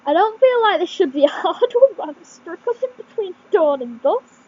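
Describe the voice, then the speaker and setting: A woman's voice: extremely high pitch, sing-song, moderate pace, dull audio. A young woman, chatting casually as she reads quiz questions aloud and thinks them through, with many fillers and restarts. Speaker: vlogger.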